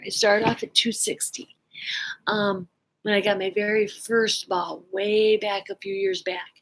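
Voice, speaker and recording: A woman's voice: medium pitch, a bit bright, slight background noise, rough recording. A woman vlogger casually telling a personal story, rambling with lots of fillers and restarts. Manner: laughs often while telling a story.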